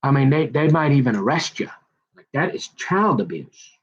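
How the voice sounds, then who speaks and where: A man's voice: mid-range voice, sing-song, normal speed, breathy edge, muffled recording. A man doing a rambling, self-mocking comic monologue. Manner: rambling, self-mocking, slips into put-on voices. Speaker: comedian.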